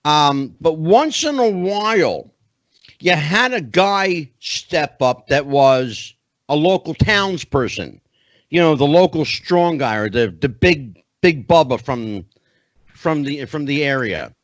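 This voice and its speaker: A middle-aged man hosts an interview podcast, talking in a chatty, animated way and building up to his questions at length. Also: on the high side, slow pace, no echo. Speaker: podcast host. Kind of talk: conversational interview hosting.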